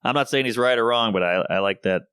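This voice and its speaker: A man, a comedian, talking in a casual podcast conversation and telling animated stories, acting out the voices of people he quotes. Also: on the low side, quick pace, smooth, no room sound, studio quality. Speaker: comedian guest.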